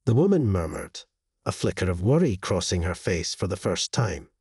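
A man narrating a horror story in a slow, grave storytelling manner with lively intonation, in a dry, close studio voice-over. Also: sits low, slightly rough, no room sound.

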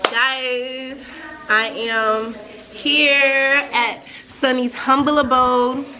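A woman's voice: sits high, fairly even intonation, extremely slow, crowd noise. A woman, chatting casually to her vlog viewers and telling a story with easy laughter. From New York. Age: 20s. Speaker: vlogger. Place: car and home.

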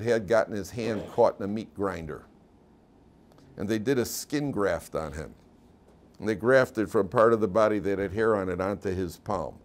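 A man, a rabbi giving a class, telling stories in an animated way, repeating phrases and acting out the dialogue. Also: lowish voice. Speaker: rabbi teaching a weekly class. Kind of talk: storytelling lecture. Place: Jerusalem yeshiva class.

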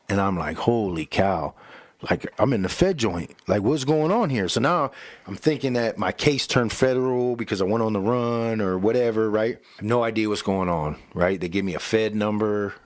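A man's voice: fairly low pitch, no echo, clean studio sound. A man, a pastor, casually telling his life story in an interview, acting out what people said, repeating words and often saying "bro" and "right?". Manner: animated storyteller who acts out quotes, repeats words, says "bro" and "right?".

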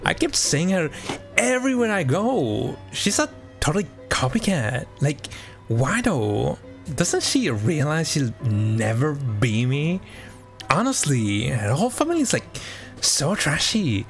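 A man's voice: on the high side, very animated, slow pace, vocal fry, a bit bright, soft background music, heavily acted. A man playing a snobby, catty valley-girl young woman in a game, drawling and mocking. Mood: snooty.

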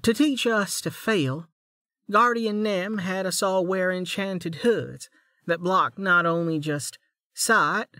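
A man voicing a hesitant young woman warrior who speaks softly and matter-of-factly in an audiobook. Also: fairly low pitch, no room sound, studio quality.

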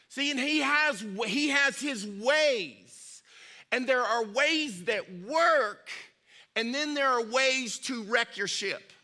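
High, bright-voiced folksy male preacher. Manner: folksy, repetitive, conversational preaching. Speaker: pastor. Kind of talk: sermon with storytelling.

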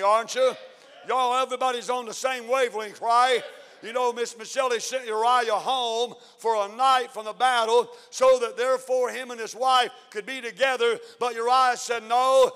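High-voiced Southern preacher in a reverberant church. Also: male voice, a bit bright, clear, resonant tone. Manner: preaches in rising bursts, calls out church members by name. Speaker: pastor. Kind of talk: sermon. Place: church sanctuary. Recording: long hall reverb in a church.

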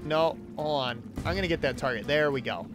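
A man reviewing a video game with jokey, excitable commentary and sudden exclamations. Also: on the high side, brisk, music in the background. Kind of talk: comedic gameplay commentary.

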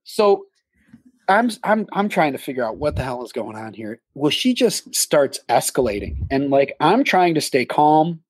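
A man spins a long anecdote as a guest, jumping into quoted lines with a raised voice. His voice sits a little high for a man. The sound is dry and close, with no room echo. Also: normal speed, slightly rough. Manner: animated, acts out quoted dialogue in a raised voice. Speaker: guest, haunted attraction actor manager. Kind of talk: storytelling in an interview.

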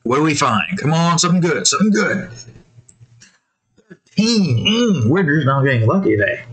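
A young man casually narrating a dice-driven escape story while drawing, rambling with fillers and sudden jumps up in pitch. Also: big pitch swings, quick pace, a bit bright, rough recording.

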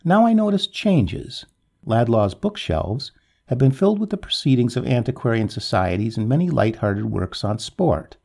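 A man reading a classic ghost story aloud, with dramatic storytelling and a gravelly, husky voice. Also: moderate pace. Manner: dramatic storytelling with very lively swings in pitch. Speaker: narrator.

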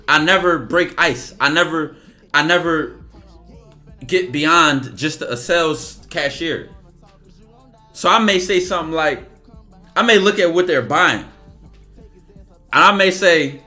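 Bright, emphatic man streaming a monologue. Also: a little high. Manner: casual, emphatic, acts out dialogue. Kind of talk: livestream monologue.

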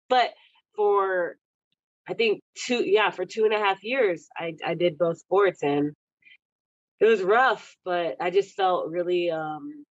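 A woman's voice: slow pace, no room sound. Giggly young woman from Texas, dry lo-fi sound. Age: young adult. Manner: giggly, laughs often between phrases; jumps into high, animated voices when quoting people. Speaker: podcast guest, Olympic wrestler. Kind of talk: casual interview chat. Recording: dull, slightly lo-fi, dry sound.

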